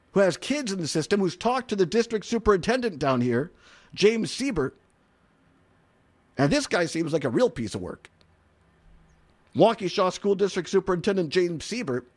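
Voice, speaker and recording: A male talk radio host speaks from the studio in a high, strongly animated voice. He sounds mocking and opinionated, and he often breaks into laughter.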